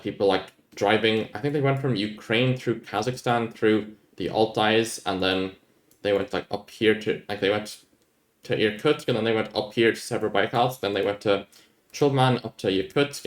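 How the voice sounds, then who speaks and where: A young man talks his way through viewer questions in a relaxed, rambling manner. His voice sits a little on the low side, and he sounds easily amused. The recording carries a noticeable echo from the room around him. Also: moderate pace. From Ireland. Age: young adult. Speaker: YouTuber answering viewer questions. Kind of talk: casual Q&A chat. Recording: echoey room.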